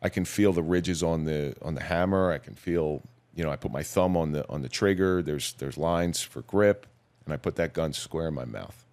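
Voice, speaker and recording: A middle-aged man, a police officer, recounting his story in a measured, somber, plain-spoken way as a podcast guest. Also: a bass voice, a little mellow. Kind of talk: personal storytelling in a podcast interview.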